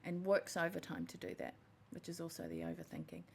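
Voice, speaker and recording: A woman's voice: lowish voice, big pitch swings, fairly quick, vocal fry, breathy edge. A woman hosting a podcast, talking through a reflective personal monologue in an earnest, heartfelt way that often stops to rephrase. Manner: earnest and heartfelt, with self-repairs. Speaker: podcast host.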